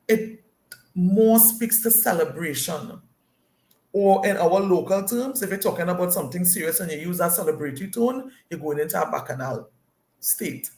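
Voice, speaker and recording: A woman's voice: on the low side, roomy sound. A woman teaching a leadership lesson, emphatic and often checking in with her listeners. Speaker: leadership coach.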